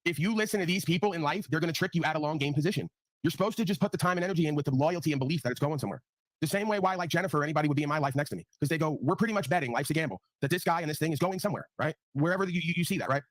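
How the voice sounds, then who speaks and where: Speaking very fast in a fairly high pitch, this livestream panel host rants casually, bluntly and with plenty of profanity. He keeps ending his points with the tag question "right?". The recording has no echo.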